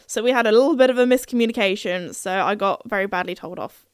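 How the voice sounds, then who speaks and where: A woman's voice: mid-range voice, fast, few pauses, clean tone, no echo, clean studio sound. A young woman hosting a podcast, telling a story in a chatty, playful way and laughing at herself. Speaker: podcast host.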